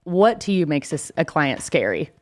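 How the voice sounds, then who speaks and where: A woman's voice: sits low, very animated, moderate pace. A woman, a hairstylist co-hosting a podcast, chatting casually and often rephrasing herself as she talks.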